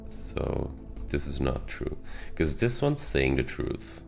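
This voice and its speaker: Swiss guy streaming a puzzle game, super low gravelly voice, music going behind him. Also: sing-song, slow, hardly any pauses. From Switzerland. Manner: thinks aloud, self-mocking. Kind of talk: casual gameplay commentary.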